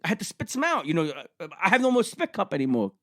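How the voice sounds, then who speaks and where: A man's voice: high voice, sing-song, fast talker, sharp tone, no room sound. A man in his thirties co-hosting a podcast, telling a profane story in casual chat into a close mic. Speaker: podcast co-host.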